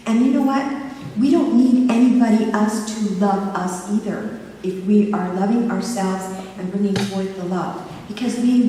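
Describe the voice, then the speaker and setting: Older woman preaching in an echoey hall. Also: a little high. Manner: earnest, asks the congregation for agreement. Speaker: minister. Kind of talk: sermon. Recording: echoey hall from far off, faint hiss.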